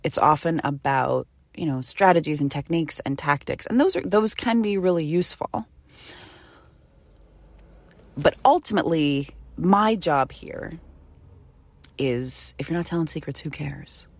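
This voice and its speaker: A middle-aged woman hosting her own podcast, speaking earnestly and from the heart, sometimes dropping to a soft whisper. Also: sits low, animated, normal speed, no echo. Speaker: podcast host. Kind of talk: intimate solo podcast monologue. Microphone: studio microphone.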